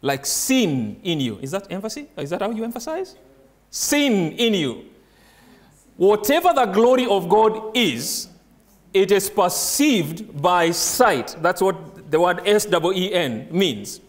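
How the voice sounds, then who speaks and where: A man with a high voice preaches a sermon in English, which is not his first language. He reads scripture slowly and leans hard on single words. He often asks the congregation questions and then answers them himself. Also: very animated. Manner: slow, emphatic reading of scripture, stressing single words.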